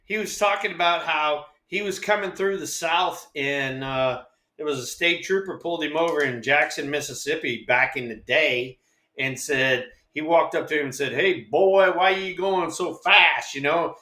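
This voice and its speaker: A man in his sixties, co-host and former ballplayer, telling stories in casual chat, animated and profane, acting out quotes. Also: on the high side, moderate pace, reverberant.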